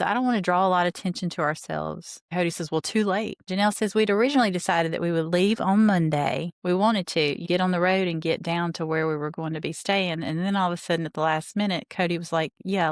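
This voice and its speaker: A woman with a fairly low voice talks through a reality show episode in a casual recap. She retells each scene and quotes what people said, then cuts in with blunt, opinionated asides. The sound is dry and close, with no room around her. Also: no echo.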